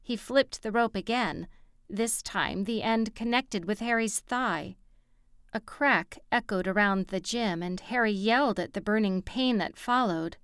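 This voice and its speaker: A woman narrating an audiobook in a slow, even storytelling manner. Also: medium pitch, clear, resonant tone, dry recording, clean studio sound. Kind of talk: scripted narration.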